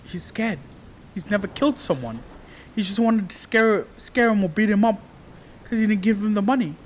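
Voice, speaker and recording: A man narrating an improvised fan story in a casual, halting way, often repeating his phrases. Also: sits high, a little hiss or hum, poor audio.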